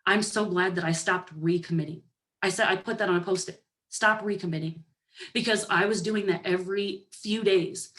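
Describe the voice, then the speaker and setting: A young woman giving a lively pep talk to her team, sassy and animated, often acting out other people's voices. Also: fairly low pitch, moderate pace. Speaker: motivational speaker to a sales team.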